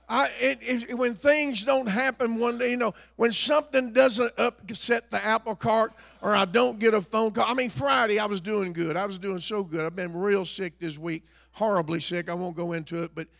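Folksy older preacher, high gravelly voice. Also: male voice, big-room sound. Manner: folksy storytelling, swings from hushed to shouting. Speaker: pastor. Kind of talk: sermon. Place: church.

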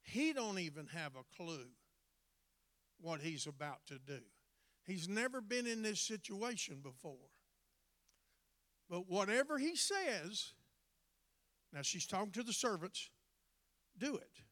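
A middle-aged man preaching a storytelling sermon, folksy and colloquial, building to loud emphatic bursts. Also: high voice, sing-song, slow, long pauses. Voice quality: folksy, drawling, colloquial grammar. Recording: long hall reverb.

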